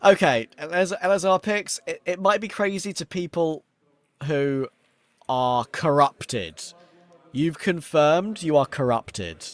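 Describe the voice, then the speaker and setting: This young Englishman's voice is a little high, and he takes it slowly. Speaking in London English, he gives casual solo esports commentary, reading chat and answering viewer questions between plays as his voice fades, with game sound and gunfire in the background.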